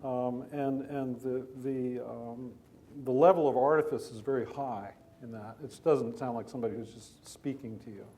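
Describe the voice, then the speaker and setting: A man speaking as a biographer at a festival event, thoughtful and analytical, often pausing and restarting. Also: mid-range voice, fairly even intonation, warm tone. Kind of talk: literary talk at a festival. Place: stage event before an audience.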